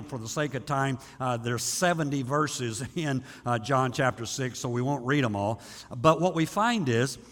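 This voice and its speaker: A man's voice: mid-range voice, a bit bright. Pastor guy preaching, chatty and folksy, lots of restarts, big hall echo. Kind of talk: sermon. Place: church sanctuary. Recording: long hall reverb.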